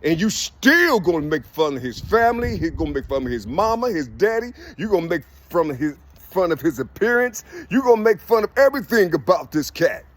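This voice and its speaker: A man's voice: a little high, big pitch swings, a little fast. A man giving a loose spiritual monologue, preachy and slangy, with "you see" in nearly every line.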